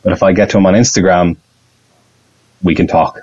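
A man guesting on a podcast as an actor, talking in a rambling, excitable way and laughing often. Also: low voice, fairly quick, breathy edge, dull audio. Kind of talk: casual podcast chat.

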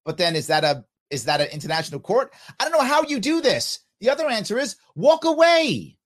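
Animated, high-pitched man. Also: a little fast. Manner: animated, emphatic, repeats points for emphasis. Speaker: podcast host. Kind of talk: solo commentary responding to listener comments.

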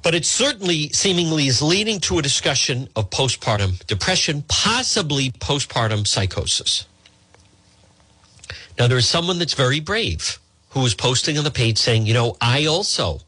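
A man's voice: medium pitch, very animated, normal speed, breathy edge, no room sound. Earnest man hosting, dry close sound. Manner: earnest, gently hesitant, repeats and corrects himself. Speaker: host. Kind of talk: talk show with caller.

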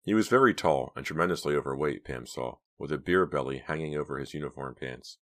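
A man narrating an audiobook in a quiet, steady reading voice. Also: very deep voice, brisk. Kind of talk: scripted narration.

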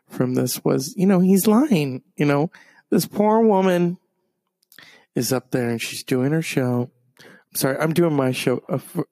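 A man's voice: fairly high pitch, dark tone, no echo. A man doing a profane, rambling comedic rant that is full of fillers and restarts. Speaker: comedic commentator.

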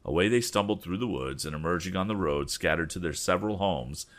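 A man reading a story aloud with relaxed, chatty asides. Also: fairly quick. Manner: voices the boys' lines with raised pitch. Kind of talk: casual read-aloud narration with asides.

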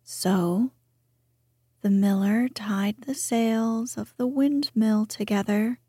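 A woman reads a storybook aloud in whispered role-play, her breathy voice dropping into a hush. She takes her time, her tone mellow and dark, every word low and gentle. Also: dry recording, studio quality. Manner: soft storybook reading, often whispered.

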